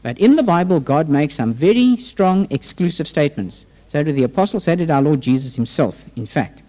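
A man's voice: fairly high pitch, lively intonation, a little fast, warm tone. A man preaching a sermon as pastor, opening with a prayer and then stressing points emphatically. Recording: long reverb of a hall.

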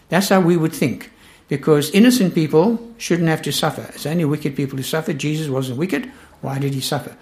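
A man's voice: fairly high pitch, a little fast, a little mellow. A man teaching a Bible study in an earnest, emphatic way, repeating his key points.

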